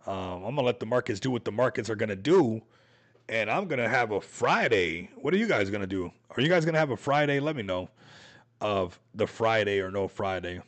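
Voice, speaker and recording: A man's voice: fairly low pitch, expressive, fairly quick. A man hosting a casual crypto livestream, rambling and hyped, with plenty of slang. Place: Las Vegas home.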